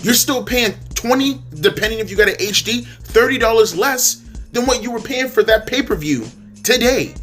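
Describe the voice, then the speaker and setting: A man's voice: extremely high pitch, moderate pace, bright, forceful tone, faint music behind. A man ranting heatedly in a profane, exasperated commentary monologue, repeating words as he talks. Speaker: wrestling commentary youtuber.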